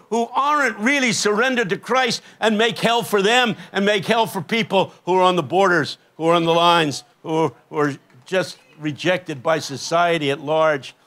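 High, bright-voiced older male preacher. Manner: impassioned storytelling, rising to emphatic peaks. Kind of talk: sermon. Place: festival main stage.

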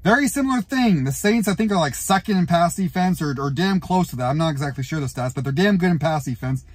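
Furious man ranting, high and swooping. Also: expressive, fast talker, no room sound. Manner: furious, profane, ranting with shouted outbursts. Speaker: YouTuber and football fan. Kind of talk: angry fan rant to camera.

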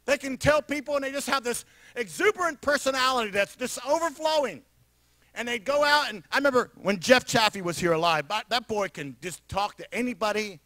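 A man with a New York area accent, preaching a sermon as pastor in an animated, emphatic way with frequent laughter. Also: extremely high pitch, fairly quick, no room sound. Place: church sanctuary.

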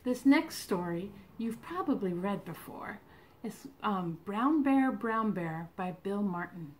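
A woman librarian leading a toddler storytime from home, reading in an animated sing-song voice with exclamations and animal sounds. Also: medium pitch, slow pace, a little hiss or hum. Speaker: children's librarian.

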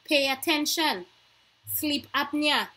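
A woman's voice: sits high, slow pace, pushed and bright, low-quality recording. A middle-aged woman, talking earnestly to camera in a personal vlog and stressing her warnings. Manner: earnest, emphatic, repeats warnings. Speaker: vlogger.

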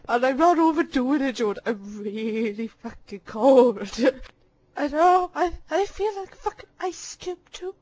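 A woman's voice: high-pitched, animated, a little slow, darkish tone. A young woman recording casual voice clips into a handheld mic at home, giggling, swearing and teasing playfully. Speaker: voice clip maker. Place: cold room at home.

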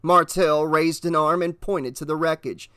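A man narrating an audiobook in a steady, measured reading voice. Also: fairly high pitch, clear, resonant tone, no room sound, clean studio sound.

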